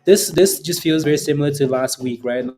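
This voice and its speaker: A man hosting a live trading stream, chatting casually with viewers, repeating phrases and filling gaps with ums and quick laughs. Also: on the high side, mellow. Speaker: stock trading livestream host. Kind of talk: casual live commentary answering chat.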